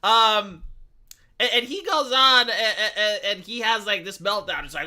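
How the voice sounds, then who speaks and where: A young man with a Romanian accent and a squeaky voice, rambling through casual live-stream commentary with many restarts and reading chat aloud. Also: unhurried, sharp tone.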